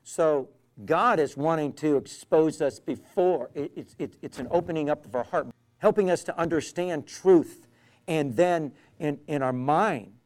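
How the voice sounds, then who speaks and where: A man delivers a preaching testimony with an earnest, animated manner. His voice sits at a middle pitch, and he keeps up lively storytelling as he acts out each exchange. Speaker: street preacher. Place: London.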